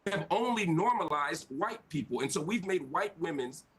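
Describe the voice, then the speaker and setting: A man's voice: on the high side, lively intonation, normal speed, a bit bright. Earnest man arguing on a panel. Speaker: television debate guest. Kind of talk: earnest panel debate argument.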